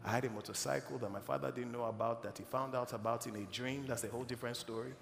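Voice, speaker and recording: Guy from nigeria preaching his testimony, gravelly voice, big echoey church hall with music. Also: mid-range voice, fast. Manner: emotional, animated storyteller. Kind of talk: sermon storytelling.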